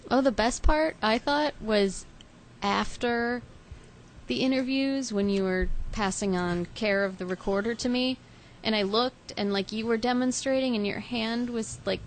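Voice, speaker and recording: A woman's voice: fairly high pitch, unhurried. A woman co-hosting a casual podcast, with a raised voice, who murmurs agreement and then tells her own side of the story. A faint hiss sits under the voice. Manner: frequent backchannel murmurs. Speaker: podcast co-host. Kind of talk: casual chat.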